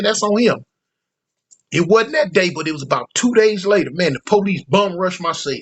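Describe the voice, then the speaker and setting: Male storyteller, high-pitched, loose and slangy, acts out every quoted line. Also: fairly bright tone, husky. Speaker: storyteller recounting prison life. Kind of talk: casual storytelling monologue.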